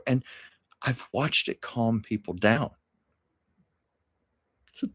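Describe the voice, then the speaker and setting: A man's voice: dry recording, studio quality. A man hosting a casual livestream, chatting earnestly and encouragingly with viewers as he reads their comments. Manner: earnest, encouraging, lively pitch swings. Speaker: livestream host.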